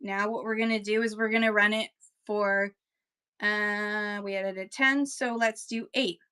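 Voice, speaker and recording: Woman, Kentucky accent, live-stream host, casual rambling talk, bright tone. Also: mid-range voice, steady tone, measured pace, clean tone. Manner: chatty, rambling, with mock auctioneer patter. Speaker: host giving seller tips.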